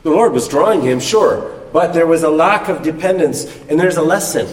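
A man giving a thoughtful, measured comment during a Bible study. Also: fairly high pitch. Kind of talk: reflective teaching comment. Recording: distant mic in echoey hall.

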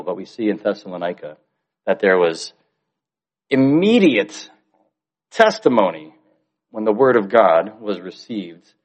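A man's voice: low-pitched, rough recording. A man teaching from the Bible in a conversational, explanatory way, with asides to his listeners.

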